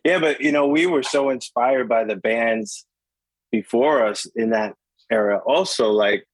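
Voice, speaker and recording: A man's voice: medium pitch, unhurried, no room sound, rough recording. Man, New York accent, middle-aged, dry close sound, laid-back guest musician. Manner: laid-back, filler-heavy. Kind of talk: casual interview chat.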